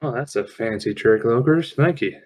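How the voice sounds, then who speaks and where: A man's voice: medium pitch, normal speed, darkish tone. A man playing a tabletop game online, describing his character's actions in a loose, casual, rambling way. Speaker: player. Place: home, online call.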